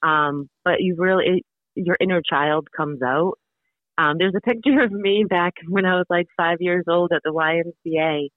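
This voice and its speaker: Over a tinny remote call line that sounds like a phone, this bubbly, enthusiastic woman chats through a casual podcast interview, full of fillers. She speaks at a moderate pace with a steady tone and a fairly low pitch, and there's no echo.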